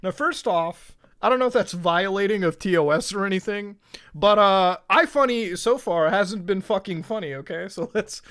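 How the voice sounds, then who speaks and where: A man streaming live who rants in a high, sarcastic voice. He swears constantly, pushes every point hard, and keeps tacking "okay?" and "all right?" onto his sentences. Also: moderate pace, a bit bright, smooth. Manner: profane, emphatic, sarcastic. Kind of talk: casual live-stream rant.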